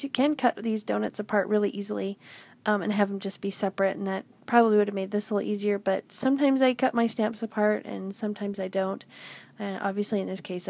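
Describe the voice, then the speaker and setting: A woman in her forties with a medium-pitched, slightly mellow voice and vocal fry hosts her channel as a stamping demonstrator. She narrates a casual craft tutorial in a chatty, self-deprecating way, with many ums.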